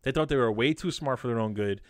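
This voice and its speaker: Man, podcast co-host, animated sarcastic rant, dry sound. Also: mid-range voice, fast, no echo. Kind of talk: casual podcast chat.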